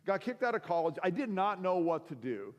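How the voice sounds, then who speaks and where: A middle-aged man from the Seattle area gives a sermon as a relaxed, self-mocking storyteller who uses many fillers. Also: high-pitched, a little fast. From Seattle area, USA. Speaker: week of prayer speaker. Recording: long hall reverb.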